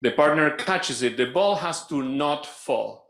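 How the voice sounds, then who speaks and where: A man facilitating a live conference workshop, giving playful, animated instructions to the room. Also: on the high side, a little slow, vocal fry. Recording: echoey room.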